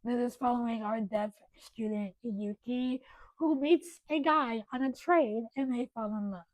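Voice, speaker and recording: A young woman chatting casually on her book vlog, gushing and excitable with bursts of loud enthusiasm. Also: fairly high pitch, unhurried, no room sound, low-quality recording. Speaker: book vlogger. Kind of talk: casual chat.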